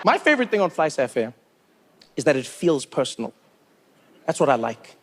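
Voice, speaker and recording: A man doing stand-up comedy, telling stories in an animated, incredulous way. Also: a little high, moderate pace, a little hiss or hum.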